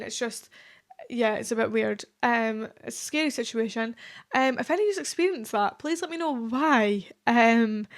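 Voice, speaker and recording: A young woman in her twenties hosting a solo podcast, talking in a chatty, confessional way with lots of fillers. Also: a little high. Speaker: podcast host. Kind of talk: casual solo podcast chat.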